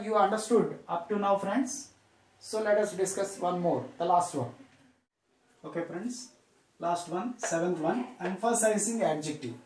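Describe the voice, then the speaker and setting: Male grammar teacher, slow repeated examples. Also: sits high. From India. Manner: repeats each example slowly, stressing key words. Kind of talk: spoken grammar lesson. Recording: roomy echo, distant from mic.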